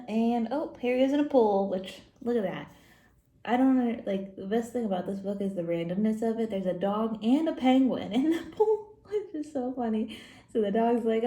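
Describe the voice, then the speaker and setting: A woman teaching Sunday school who reads a silly picture book aloud to children, playful and quick to giggle. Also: on the high side, animated, warm tone. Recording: roomy echo.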